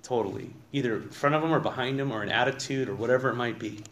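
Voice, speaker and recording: A man's voice: mid-range voice, fast, fairly bright tone, slight background noise. A man preaching a conversational sermon in a church, reading scripture aloud and asking his congregation questions. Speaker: pastor. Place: church sanctuary.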